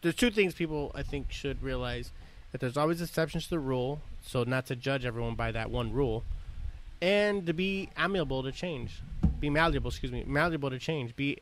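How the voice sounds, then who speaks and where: A young man hosting a podcast, telling crude, rambling, animated stories in casual chat. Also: mid-range voice, a little fast, a little hiss or hum. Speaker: podcast host.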